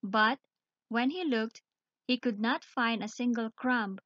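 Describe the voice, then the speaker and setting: A woman with a fairly high voice reads a children's fairy tale aloud in a calm, clear storybook manner. The sound is dry and a little dull, with no room around it. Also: slow, dry recording.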